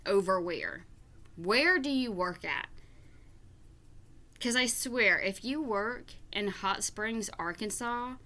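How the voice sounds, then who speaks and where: A woman ranting through reaction commentary, her voice bright and forceful. She speaks slowly and deliberately. She swears and trips over repeated words as her exasperation builds. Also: medium pitch. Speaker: reaction vlogger. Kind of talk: reaction commentary reading viewer comments aloud.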